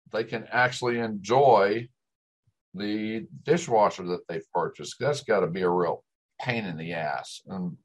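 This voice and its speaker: A man's voice: fairly low pitch, low-quality recording. A man hosting a talk show, telling folksy teasing stories in a casual monologue. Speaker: radio show host.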